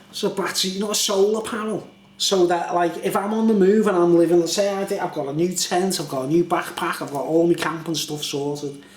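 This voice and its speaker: A rambling man from Britain chats casually to the camera, and his voice sits a little higher than most men's. He is recorded in a roomy, echoey space, with a faint hum underneath. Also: fairly even intonation, moderate pace. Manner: rambling, chatty, keeps asking "you know what I mean?". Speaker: YouTuber reviewing beer. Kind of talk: casual chatty vlog.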